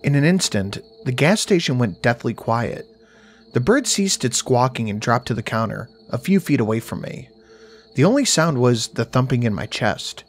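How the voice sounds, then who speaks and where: A man's voice: medium pitch, big pitch swings, moderate pace. A man narrating a first-person horror story in a dry, wry storytelling manner.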